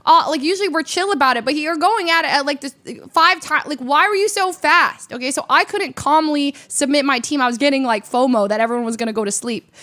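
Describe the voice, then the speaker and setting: Animated young-sounding woman telling a story. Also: high voice. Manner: animated, heavy use of "like", rapid asides; self-mocking, laughs often. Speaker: streamer. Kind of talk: casual storytelling to viewers.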